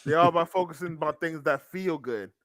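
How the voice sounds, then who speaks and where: High bright-voiced man co-host. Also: a little fast. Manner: lecturing, stammering restarts. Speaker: podcast co-host. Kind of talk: casual commentary chat.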